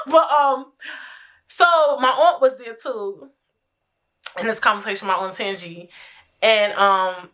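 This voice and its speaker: A woman's voice: on the high side, animated, moderate pace, pushed and bright. A young American woman hosting her own podcast, talking frankly and casually, with lots of profanity and laughter. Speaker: podcast host. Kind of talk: casual solo podcast chat.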